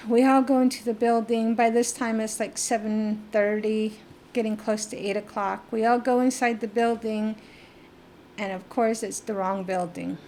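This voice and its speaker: A woman's voice: fairly high pitch, a little mellow, slight background noise. A middle-aged woman from the Navajo Nation area, a podcast guest telling a personal story in a rambling way and acting out the voices of the people she quotes. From Navajo Nation area, US Southwest.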